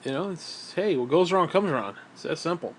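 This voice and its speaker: A man's voice: on the high side, expressive, moderate pace, slight background noise. A middle-aged man in a casual monologue, ranting in a bitter, profane, rambling way. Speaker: vlogger.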